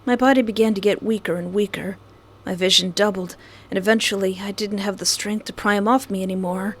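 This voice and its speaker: A woman's voice: medium pitch, a little fast, slight background noise. Woman narrating a visual novel. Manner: animated, playfully sarcastic. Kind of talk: reading a visual novel aloud with jokey asides.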